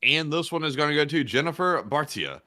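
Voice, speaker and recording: A man's voice: a little high, animated, a little fast, sharp tone. A man, co-hosting a live stream, who is unwell and coughing as he reads viewer names and questions aloud. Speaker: co-host.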